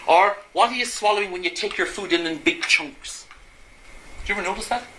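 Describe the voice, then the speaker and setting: Bright-voiced man lecturing in an echoey room. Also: sits high, brisk, a little hiss or hum. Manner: asks the audience rhetorical questions, acts out everyday examples. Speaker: Gestalt therapist giving a talk. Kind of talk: lecture to a live audience. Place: room with an audience. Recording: echoey room, faint ambience.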